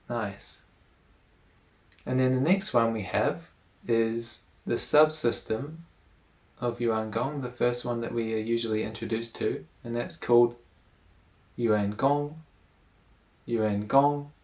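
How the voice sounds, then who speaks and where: A man teaching pronunciation in a relaxed video lesson, repeating words slowly for the listener to say along. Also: medium pitch, low-quality recording.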